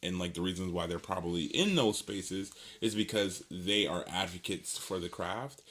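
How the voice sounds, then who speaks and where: Deep-voiced man with a bright edge, loose and chatty with lots of fillers. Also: moderate pace. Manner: rambling, many fillers and restarts; laughs easily. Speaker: podcast co-host. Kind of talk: casual conversation.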